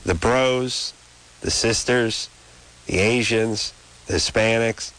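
Speaking slowly in a lowish, somewhat bright voice on a rough recording, a thirtysomething man hosts a late-night call-in show in a radio studio. Into a studio microphone, he rambles through long, opinionated rants.

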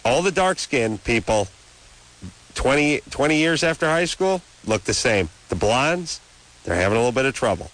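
A man's voice: medium pitch, big pitch swings, normal speed, a bit bright, low-quality recording. A man in his thirties hosting a late-night radio call-in show, ranting in long, opinionated riffs. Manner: rambling, opinionated rants. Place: radio studio. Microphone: studio microphone.

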